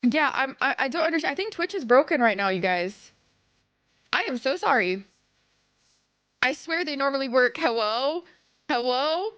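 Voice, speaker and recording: A woman's voice: high-pitched, expressive, moderate pace, long pauses, fairly bright tone, dry recording, dull audio. A young woman streaming a game and chatting with viewers, bubbly and apologetic, swearing freely and sniffling from sinus trouble. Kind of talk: casual live-stream chat.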